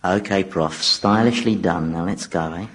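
A man's voice: deep voice, moderate pace, slightly rough. An actor playing a sly, world-weary male devil in a radio comedy, drawling and mocking. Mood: wry.

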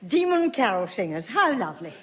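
A woman playing a quiet, weary character in a sitcom. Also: mid-range voice, very animated, brisk, slight background noise. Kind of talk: sitcom acting.

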